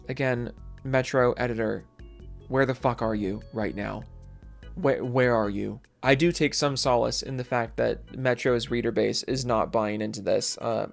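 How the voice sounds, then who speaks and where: A man giving casual, profane, sarcastic commentary on gaming and rattling off viewer shout-outs. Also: mid-range voice, vocal fry. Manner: profane, sarcastic, rapid-fire.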